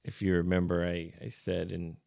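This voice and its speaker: A man's voice: low-pitched, completely flat delivery, normal speed, gravelly, dark tone, no room sound, studio quality. A man co-hosting a casual podcast, chatting easily and reading listener messages aloud. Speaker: podcast co-host.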